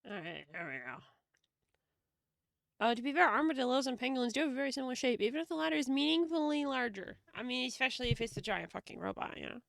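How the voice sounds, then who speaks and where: A woman's voice: high-pitched, lively intonation, fast talker, gravelly, a bit bright, dry recording, clean studio sound. A woman streamer chatting casually while she draws, playful and joking, laughing often.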